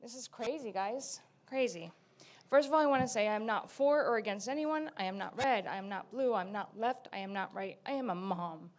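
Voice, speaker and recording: A woman's voice: medium pitch, normal speed. A middle-aged woman speaking as a parent at public comment, pleading and on the verge of tears.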